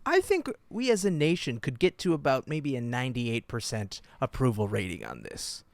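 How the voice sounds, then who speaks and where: Joking, animated male podcast co-host. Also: mid-range voice, normal speed, gravelly, no room sound. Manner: animated, joking storyteller who laughs often. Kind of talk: casual podcast chat.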